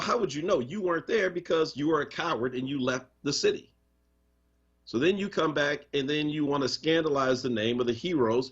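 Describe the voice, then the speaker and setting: A male radio talk host talks to his listeners in a passionate, emphatic way. His voice is a bit husky and sits in a middle pitch. The live stream sounds muffled and dull. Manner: impassioned, conversational, emphatic.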